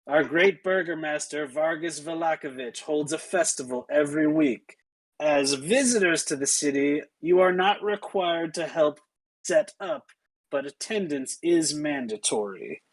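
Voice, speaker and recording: A man voicing a deadpan, bored female city guard who talks in a flat, curt monotone. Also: a little high, normal speed, poor audio.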